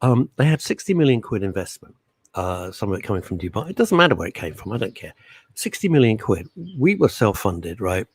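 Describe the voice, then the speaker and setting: Brash, animated man hosting radio. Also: lowish voice, brisk, slightly rough. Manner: brash, teasing, animated and opinionated. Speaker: radio show co-host. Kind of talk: casual banter on a talk radio show.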